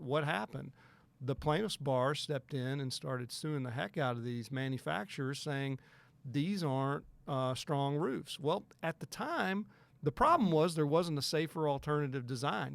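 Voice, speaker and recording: A man's voice: on the high side, vocal fry. A man, a personal injury attorney talking as a guest on a talk show, earnest and emphatic, with many restarts. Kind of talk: casual talk show conversation.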